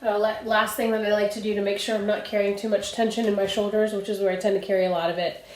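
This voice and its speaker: A young woman coaching a vocal warm-up in a chatty, self-amused way, with breathy sighs and crisp tongue twisters. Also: medium pitch, level tone, fast talker. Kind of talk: casual vocal warm-up lesson. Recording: roomy echo.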